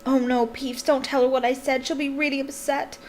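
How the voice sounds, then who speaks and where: An anxious schoolgirl with a higher, falsely bright voice, as a woman reads her. She hurries her words to smooth things over. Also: big pitch swings, moderate pace.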